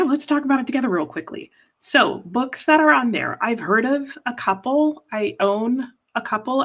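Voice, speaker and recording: A woman hosting a live reading stream, chatting casually and rambling about books while teary. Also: medium pitch. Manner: chatty, rambling, laughs easily. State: teary, emotional. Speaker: livestream host. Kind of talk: casual chat.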